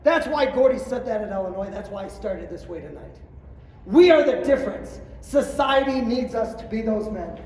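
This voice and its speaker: Middle-aged male clinic speaker, high voice, storytelling talk heard from a distance in a big room. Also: lively intonation, normal speed, hardly any pauses. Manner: storytelling, acting out quotes, swings from quiet to shouting. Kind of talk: motivational speech to coaches. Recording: roomy hall, distant mic, faint ambience.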